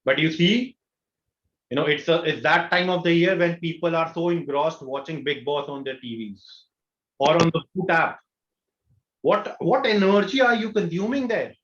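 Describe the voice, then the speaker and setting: A man with an Indian English accent coaching an online workshop, pitched a little high and speaking earnestly. He keeps posing rhetorical questions to his listeners. The sound is roomy and dull, like lo-fi webinar audio. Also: moderate pace, fairly bright tone. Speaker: law of attraction coach.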